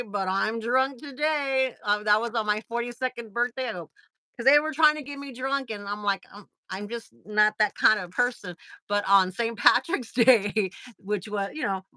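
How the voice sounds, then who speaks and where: A woman's voice: a little high, sharp tone, dry recording, clean studio sound. A woman, chatting casually on a livestream, rambling with lots of fillers and gushing thanks. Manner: gushing and effusive when thanking viewers. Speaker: livestream host.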